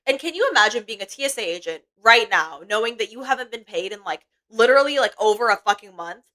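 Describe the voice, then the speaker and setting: Young woman streamer, bright slightly high voice, rambling, profane, filler-heavy casual chat. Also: animated, fast talker, low-quality recording. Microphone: desk mic while eating.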